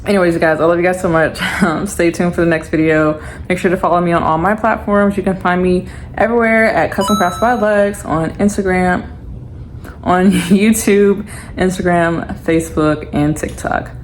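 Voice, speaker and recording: A woman's voice: on the low side, steady tone, moderate pace, slight background noise. A young adult woman vlogging at home in a loose, chatty way with lots of fillers. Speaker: lifestyle vlogger. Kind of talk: casual chat to camera.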